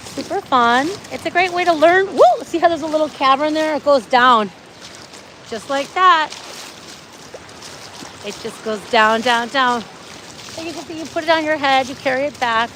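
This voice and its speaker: A woman's voice: sits high, moderate pace, pauses often. A woman hosting a live walking vlog on a beach, chatting upbeat straight to her viewers. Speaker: livestream host. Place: outdoors on a beach. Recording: outdoor phone audio with loud surf noise. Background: surf and wind noise.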